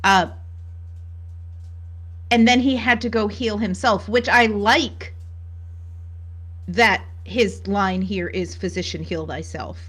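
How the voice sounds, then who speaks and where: A woman's voice: medium pitch, slow, pauses often, a bit bright, slightly rough. A woman co-hosting a podcast, talking thoughtfully over a remote call and building her points with restarts. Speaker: podcast co-host. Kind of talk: casual chat.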